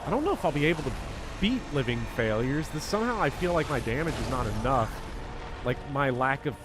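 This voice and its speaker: Chatty male streamer, mid-pitched voice. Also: lively intonation, a little fast. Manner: chatty, thinks aloud while playing, frequent ums. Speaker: streamer playing games for charity. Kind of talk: casual live-stream chat with co-hosts. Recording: gaming stream with noticeable background noise.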